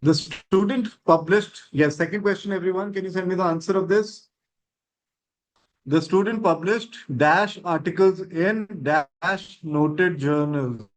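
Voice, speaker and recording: A man's voice: high-pitched, a little slow, rough recording. A man teaching an online grammar class, encouraging students and checking with "right?".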